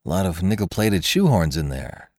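A cool, quiet young safecracker, as a narrator plays him in an audiobook tale. The voice sits deep and low with a calm, clipped delivery. Close, dry sound. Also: male voice, normal speed, no echo.

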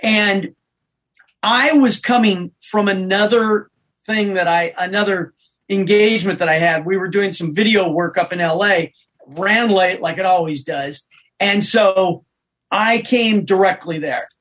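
Man telling a lively story. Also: high-pitched, measured pace. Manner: animated anecdotal storyteller. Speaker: podcast guest. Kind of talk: casual storytelling chat.

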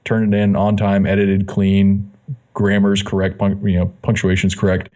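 A man's voice: deep voice, normal speed. A man, a fitness magazine editor, telling his story as a guest in a casual interview, acting out the dialogue he quotes. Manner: animated, acts out quoted dialogue.

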